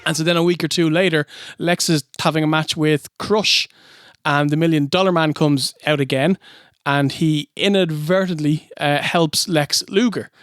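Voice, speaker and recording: A man co-hosting a comedic wrestling review, telling the story with animated, mocking energy. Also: a little high, moderate pace, clear, resonant tone, no echo, studio quality. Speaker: podcast co-host.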